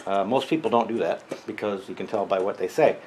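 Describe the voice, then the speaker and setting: A man's voice: fairly low pitch, brisk, darkish tone, a little hiss or hum, low-quality recording. A man in his home workshop, talking to the camera in a rambling monologue with dry, grumpy asides, often slipping into a put-on mock Freudian accent. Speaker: workshop vlogger.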